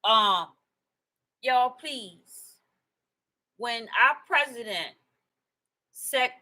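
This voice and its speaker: Woman ranting to her viewers, bright tense voice, kinda high, rambly and worked up. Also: very slow, poor audio. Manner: animated and excitable, laughing and emphatic; rambling storytelling with repetition. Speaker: video host. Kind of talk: casual monologue to viewers.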